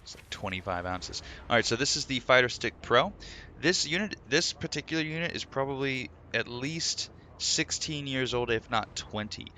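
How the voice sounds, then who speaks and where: A man's voice: medium pitch, animated, normal speed, pushed and bright, a little hiss or hum. A man live streaming, chatting casually in a joking, rambling way. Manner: joking, rambling, laughing often. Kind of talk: casual chat.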